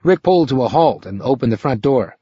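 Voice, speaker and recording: Husky-voiced male audiobook narrator. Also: medium pitch, a little fast, no echo. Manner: expressive, dramatic reading. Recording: slightly muffled recording.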